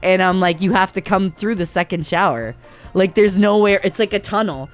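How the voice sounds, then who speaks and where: A woman's voice: mid-range voice, moderate pace. A woman livestreamer telling a story in a casual way, laughing often and swearing freely. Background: faint background music.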